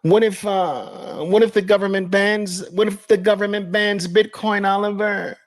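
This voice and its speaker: A shrill, whimpering skeptic pleads and whines in long, drawn-out, crying tones. Each question comes out as a wounded wail. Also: male voice, steady tone. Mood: whiny pleading. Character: whiny crying male Bitcoin doubter.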